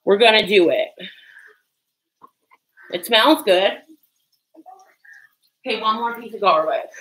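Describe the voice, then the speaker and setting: A woman's voice: mid-range voice, slow, pauses often, fairly bright tone, rough recording. A woman chatting casually on a livestream while she cooks in her home kitchen, nervous and self-deprecating, with sudden yelps. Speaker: livestream cooking host.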